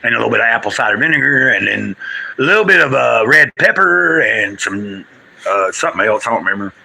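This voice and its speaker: A man talking live to his viewers with a sharp, bright voice at a middling pitch. He is teary and rambles earnestly, shifting from preachy spiritual lines to thanking his chat. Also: expressive, a little fast, vocal fry, husky, low-quality recording. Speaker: live streamer. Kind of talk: casual livestream chat with spiritual musings.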